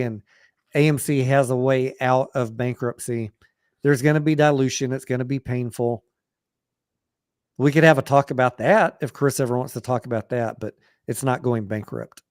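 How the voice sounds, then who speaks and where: A man's voice: medium pitch, fairly even intonation, normal speed, darkish tone, no echo, studio quality. A man hosting a casual late-night live stream about stocks, talking bluntly and swearing offhandedly. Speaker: stock talk show host.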